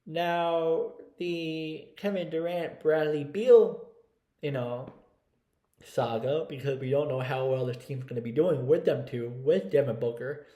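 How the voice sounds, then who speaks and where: A man co-hosting a casual sports podcast, rambling with many fillers and pausing to look up stats as he goes. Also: a little high, dark tone. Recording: roomy echo.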